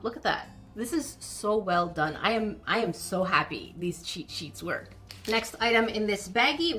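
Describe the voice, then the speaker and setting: A woman's voice: mid-range voice, pushed and bright. A woman chatting playfully through an unboxing of miniature food kits, sometimes mock-indignant. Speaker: miniature crafting vlogger. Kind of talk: unboxing voice-over.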